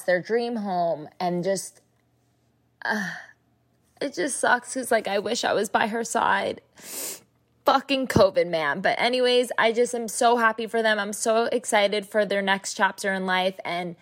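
A woman hosting a podcast in casual chat, gushing and effusive, with casual swearing. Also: mid-range voice. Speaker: podcast host.

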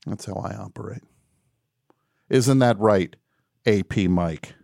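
A man hosting a live call-in radio show, wry and mock-boastful, dropping to quiet mumbles and rising to shouts. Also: on the low side, takes it slowly, creaky, no room sound, clean studio sound.

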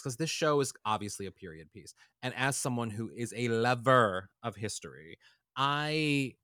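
A man's voice: mid-range voice, fairly bright tone, smooth, dry recording, studio quality. A man co-hosting a podcast, talking casually and rambling with lots of hedging. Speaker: podcast co-host. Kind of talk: casual chat.

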